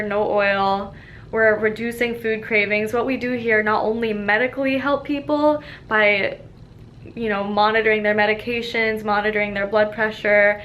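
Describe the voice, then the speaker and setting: A woman's voice: mid-range voice, a bit bright, slight background noise. A young adult woman dietitian talking casually and enthusiastically in a vlog from a clinic office. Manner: enthusiastic, upbeat and encouraging.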